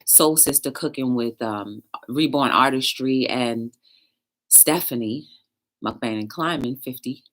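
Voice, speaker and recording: A woman's voice: extremely low pitch, measured pace. A woman hosting a live-stream chat show, telling stories and reading chat aloud in a loose, slangy manner. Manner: animated storytelling, reads chat aloud, slangy. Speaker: talk show host.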